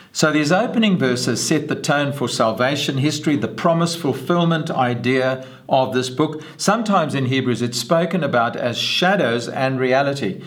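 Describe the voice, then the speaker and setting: A man teaching through a Bible passage in a measured way, repeating key phrases for emphasis. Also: mid-range voice.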